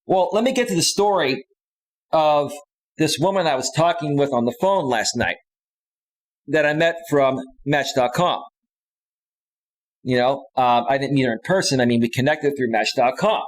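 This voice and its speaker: A man's voice: medium pitch, normal speed, long pauses, low-quality recording. A man coaching in a casual livestream monologue, chatty and often checking in with his listeners, with frequent restarts and repeated phrases. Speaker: dating and life coach.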